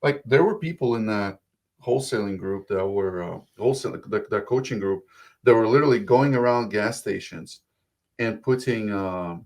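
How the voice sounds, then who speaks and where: A man's voice: fairly low pitch, normal speed, darkish tone. Rambling man with Eastern European accent. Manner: rambling, self-deprecating, restarts a lot. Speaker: guest. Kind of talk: casual interview chat.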